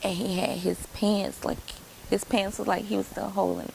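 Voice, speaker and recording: A woman in her late twenties tells a story from her own life to her viewers in a casual, rambling way. Her voice at a mid pitch carries a strong gravelly fry throughout. She talks close to the camera, a faint hiss underneath. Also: little pitch movement, moderate pace, a little mellow, low-quality recording. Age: late 20s. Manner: chatty, rambling, addresses viewers as y'all. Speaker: vlogger telling a personal story.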